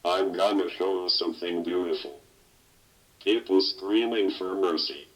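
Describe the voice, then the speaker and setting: Ultron-like robot, flat synthetic voice. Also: male voice, low-pitched, unhurried. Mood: flat menacing. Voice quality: flat mechanical synthesized delivery. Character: menacing male robot voice built from a speech synthesizer. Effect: metallic flanger and reverb. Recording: dull lo-fi speaker playback.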